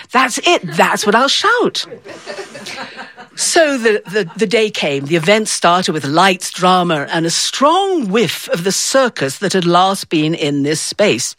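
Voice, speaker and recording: A woman from the north of England telling a personal story in an animated, theatrical way. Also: medium pitch, dry recording. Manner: animated, theatrical, with playful voices.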